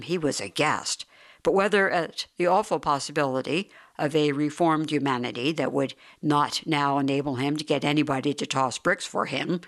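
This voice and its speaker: Brief: measured, dryly ironic audiobook narrator with a mid-pitched voice. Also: fairly bright tone. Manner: wry, measured storytelling. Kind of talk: scripted narration.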